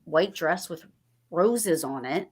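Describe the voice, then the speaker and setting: Speaking slowly in a deep, husky voice, a female podcast host tells stories conversationally and brings other people's words to life as she quotes them.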